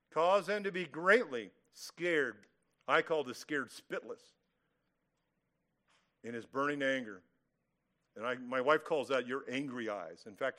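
A man's voice: on the high side, fairly bright tone. A man from California preaching an expository sermon, emphatic, asking rhetorical questions and acting out quotes. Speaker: pastor.

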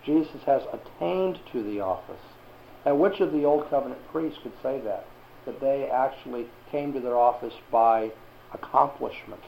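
Male Bible teacher, gravelly voice, questioning the class, dull recording. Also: mid-range voice, normal speed, a little hiss or hum.

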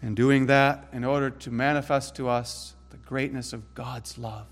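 A man preaching a sermon in an earnest way, rising to emphatic peaks and then dropping low and soft. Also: steady tone, a little slow.

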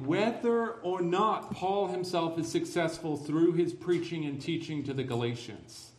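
Pastor, male, fairly high voice, emphatic sermon delivery with sarcastic asides, reverberant room. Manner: emphatic, building to forceful declarations.

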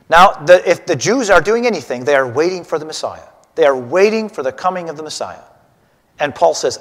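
A man teaching a Bible lesson to a class, animated and putting questions straight to his listeners. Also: on the high side, moderate pace, in a large hall.

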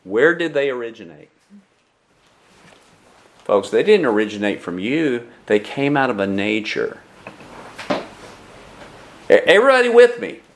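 Slow, questioning male preacher. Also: fairly high pitch, a bit bright. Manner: asks the congregation questions. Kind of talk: sermon.

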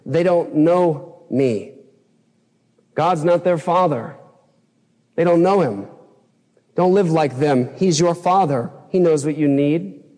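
A male pastor delivering an impassioned sermon, his voice pitched a bit high for a man. He leaps up when he replays his old outbursts. The church sanctuary carries a long, trailing reverb. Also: slow, pauses often, mellow. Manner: impassioned preaching, acts out his own past outbursts in a raised voice.

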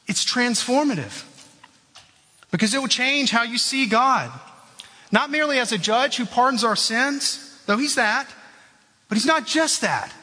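High, bright-voiced male preacher in a reverberant hall. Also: slightly rough. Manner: earnest preaching, swoops low at phrase ends, addresses listeners as friends. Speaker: pastor. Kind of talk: sermon.

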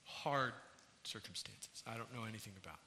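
Pastor, male, earnest sermon delivery, sharp bright tone, reverberant hall sound. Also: lowish voice, normal speed, gravelly, slight background noise. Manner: earnest preaching, rising and falling in intensity. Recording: church hall with long reverb.

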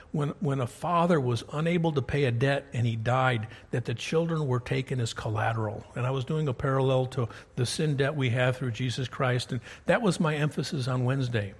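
A man with a husky, slightly breathy voice preaches a sermon from the pulpit. He talks in a folksy, conversational way, leaning on rhetorical questions. His voice sits at an ordinary middle pitch. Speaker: pastor.

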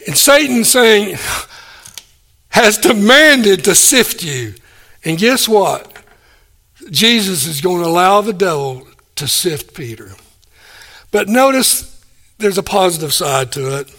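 A man preaching a sermon, animated, acting out the people he quotes and chuckling between points. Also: high voice, takes it slowly, long pauses. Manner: animated, acts out quoted speakers.

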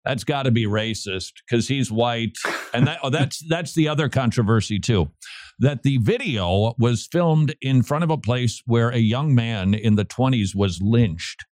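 A man hosting a Christian talk radio show, teasing his co-host and then giving commentary in a quick, playful way. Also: mid-range voice, a little mellow, dry recording, clean studio sound.

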